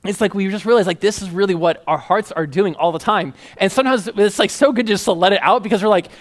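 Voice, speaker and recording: High-voiced, animated male preacher. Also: fast. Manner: animated, conversational, acts out voices, laughs often. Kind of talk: sermon.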